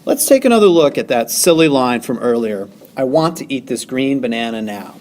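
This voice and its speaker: A man's voice: medium pitch, big pitch swings, moderate pace, a little mellow. A male teacher lecturing over slides, stressing syllables and counting them aloud.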